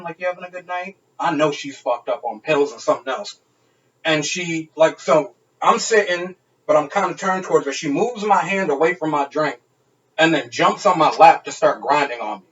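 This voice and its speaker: A man's voice: a little high, normal speed, a bit bright, far from the mic, muffled recording. A man on a podcast telling a wild night-out story in casual, profane, laughing chat. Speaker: podcast co-host.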